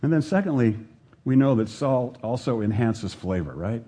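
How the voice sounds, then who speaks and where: A man's voice: mid-range voice, lively intonation, normal speed, dark tone, slightly rough. A man preaching a sermon to his congregation, earnest and building, with rhetorical questions to the listeners. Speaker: pastor. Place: church service with a congregation.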